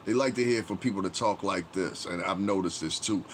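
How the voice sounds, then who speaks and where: A man's voice: sits low, brisk, slight background noise. A man hosting a livestream, ranting bluntly and profanely to his chat and rambling with many fillers. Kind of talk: casual livestream rant.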